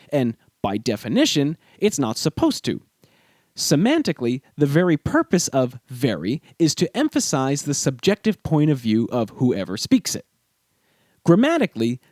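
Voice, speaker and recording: A man hosting an educational podcast, giving scripted narration in a measured, explanatory way and leaning on key words. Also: mid-range voice, darkish tone, dry recording, studio quality. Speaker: podcast host.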